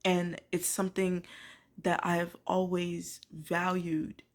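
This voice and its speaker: A woman's voice: fairly low pitch, monotone, slow pace. Ranting woman vlogger, lots of "like". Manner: emphatic, swears, many filler "like"s; swings from quiet musing to loud disbelief. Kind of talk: casual rant to camera.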